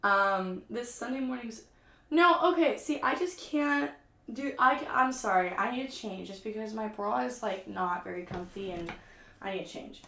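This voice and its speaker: A woman's voice: medium pitch, moderate pace, creaky, sharp tone. A young woman chatting casually with viewers on a live stream at home, complaining in a self-deprecating way. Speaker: livestreamer. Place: room at home. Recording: echoey room with faint background hum.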